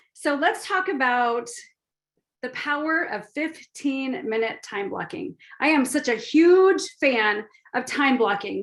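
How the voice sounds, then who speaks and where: Upbeat high-voiced woman leading an online training. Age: middle-aged. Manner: upbeat, chatty, addresses audience directly. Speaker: business team trainer. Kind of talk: live online training talk. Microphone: video call.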